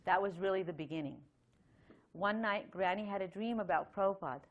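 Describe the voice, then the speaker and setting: A woman's voice: medium pitch, brisk, lo-fi sound. A middle-aged woman giving a Sunday temple lecture, talking conversationally with many fillers and reading a long letter aloud. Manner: conversational, chatty with frequent fillers and light laughs; reads a letter aloud at length. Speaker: temple speaker.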